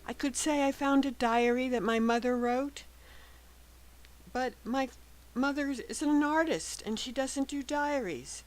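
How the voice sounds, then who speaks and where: A woman reading a novel aloud as scripted first-person narration, gentle and even, sometimes dropping to a hush. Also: high voice, a little slow, poor audio. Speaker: audiobook narrator.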